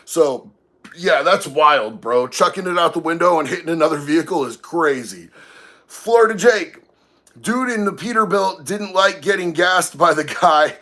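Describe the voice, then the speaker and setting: A man's voice: on the high side, expressive, moderate pace, sharp tone. A man hosting a casual livestream, reading chat aloud and talking in a laid-back, slangy way. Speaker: livestream host.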